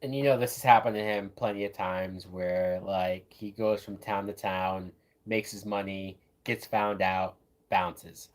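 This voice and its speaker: A man's voice: low-pitched, steady tone, a little slow. A man hosting a live watch-along, giving casual, profane, enthusiastic commentary on a film as it plays. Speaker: movie reaction host.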